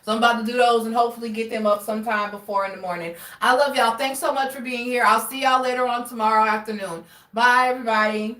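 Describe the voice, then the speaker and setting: A woman's voice: a little high, fairly even intonation, quick pace, few pauses, sharp tone, reverberant, distant mic. A woman reading tarot cards on a live stream, talking directly to her viewers and often checking in with "all right?". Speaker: tarot reader.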